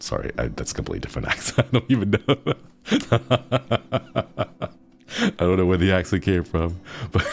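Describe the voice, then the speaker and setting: A man's voice: very deep voice, vocal fry. A man streaming casual chat with viewers, playful and rambling, often laughing.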